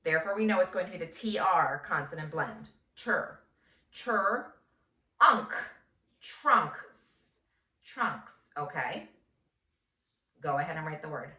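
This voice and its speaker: A first grade teacher woman dictating a phonics lesson, sounding out words slowly and clearly syllable by syllable. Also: low-pitched, animated, pushed and bright. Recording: echoey room, voice from a distance.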